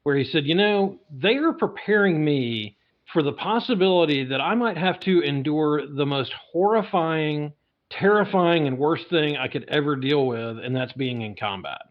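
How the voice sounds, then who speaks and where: A man, a podcast guest, speaking in a measured and thoughtful way in casual chat. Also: a little high, expressive, highs cut off.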